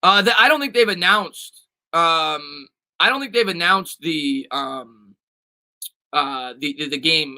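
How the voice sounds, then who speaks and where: A man with a very bright, forceful and rather high voice, chatting casually on a live stream. He reads questions from the chat and answers them off the cuff, stumbling through restarts and "um"s. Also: rough recording.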